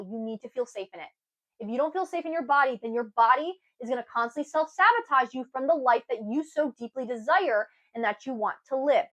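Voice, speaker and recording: A young woman giving an earnest, emphatic self-help talk to camera, with sudden lively bursts. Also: on the high side, rough recording. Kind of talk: casual motivational talk to camera.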